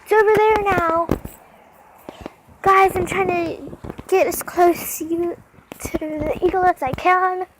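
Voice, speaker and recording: A woman's voice: extremely high pitch, steady tone, slow pace, long pauses, noisy background. A woman vlogging outdoors, chatty and talking straight to her viewers while she films on a handheld phone. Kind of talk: casual vlog narration to viewers. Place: outdoors under a stormy sky.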